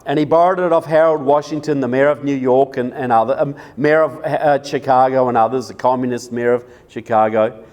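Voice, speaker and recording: A man's voice: medium pitch, steady tone, a little fast, a little mellow. A man giving a live presentation to an audience, speaking emphatically, repeating key words for effect and putting questions to the crowd. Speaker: political speaker.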